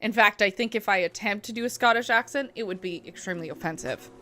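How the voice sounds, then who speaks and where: A woman's voice: medium pitch, fast, a bit bright. A young adult woman giving casual, chatty gameplay commentary as a streamer, joking and laughing often.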